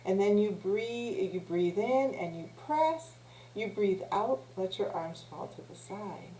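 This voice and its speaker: A woman teacher leading a children's lesson, talking in a gentle, encouraging way with small pauses and restarts. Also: medium pitch, expressive, a little hiss or hum. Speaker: youth teacher. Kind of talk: children's lesson, guided breathing. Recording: echoey room.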